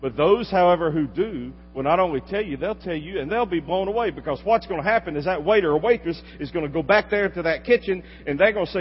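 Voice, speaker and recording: A man's voice: high voice, expressive, fast, few pauses. Man preaching in a reverberant hall. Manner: dramatic swings from loud exhortation to quiet asides. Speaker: pastor. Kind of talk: sermon. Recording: dull lo-fi recording with long hall reverb and faint hum.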